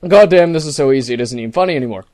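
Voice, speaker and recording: A young man giving a sarcastic, mock-dramatic reading of forum posts, swinging from exasperated shouting to low muttering between lines. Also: animated, racing, dry recording. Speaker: comedic reader of forum posts.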